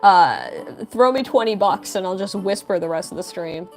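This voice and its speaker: Faint music sits under a young woman's medium-pitched voice as she talks at an ordinary pace. She's sketching during a live stream, bantering with viewers, responding to what they ask and poking fun at her chat.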